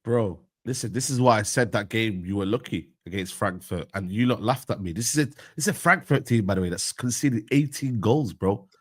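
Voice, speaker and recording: A man's voice: fairly low pitch, fairly quick, hardly any pauses. A young man, ranting about football in a heated casual debate, full of slang. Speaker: football pundit and United fan.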